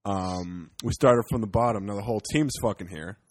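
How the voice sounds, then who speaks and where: A man's voice: fairly low pitch, brisk, a little mellow, dry recording. A man from Canada, a comedian, rambling and joking in casual podcast chat with some swearing.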